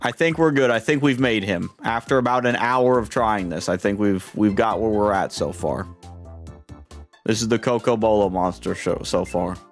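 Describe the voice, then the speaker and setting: A man's voice: on the low side, normal speed. Young male streamer, rambling, amused commentary, faint game music underneath. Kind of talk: casual gaming commentary.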